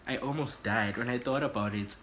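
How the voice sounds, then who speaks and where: A South African man telling an animated, dramatic story for his vlog, switching languages. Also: mid-range voice, fairly quick, slight background noise. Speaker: YouTuber.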